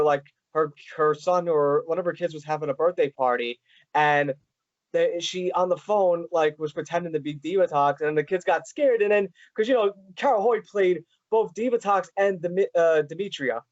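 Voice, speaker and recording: A man hosting a podcast interview, talking in halting runs with many fillers. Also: on the high side, no echo, dull audio. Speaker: podcast host. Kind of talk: casual interview chat.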